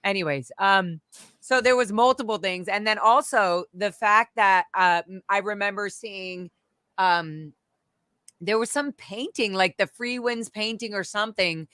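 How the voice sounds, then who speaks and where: A woman's voice: medium pitch, unhurried, smooth, no echo, studio quality. A woman guest telling candid stories in conversation, swearing freely and acting out other people's voices. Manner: animated, profane, acts out quoted voices.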